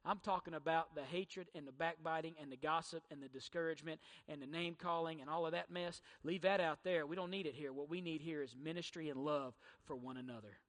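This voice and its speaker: Pastor, middle-aged man, bright and forceful, repeats lines for emphasis. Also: on the high side, fairly quick, hardly any pauses. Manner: emphatic preaching with rhetorical questions and repetition. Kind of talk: sermon. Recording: church hall reverb.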